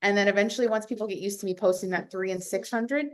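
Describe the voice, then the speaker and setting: A young adult woman, a realtor, chatting casually over a video call, animated and full of fillers. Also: medium pitch, fast talker. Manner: chatty, animated, acts out quotes with lots of fillers. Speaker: realtor panelist.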